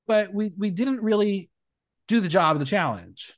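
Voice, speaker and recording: A man hosting a podcast, chatting casually and giving opinionated reviews of runway looks in an animated way. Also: high voice, normal speed, no echo, studio quality. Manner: animated, opinionated, swings between loud and hushed. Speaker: podcast host. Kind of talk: casual recap chat.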